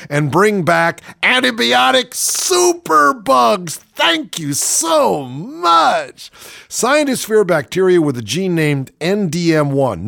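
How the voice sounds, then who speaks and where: A man's voice: mid-range voice, dry recording, studio quality. A man co-hosting talk radio, reading news items aloud and adding sarcastic quips. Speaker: radio co-host.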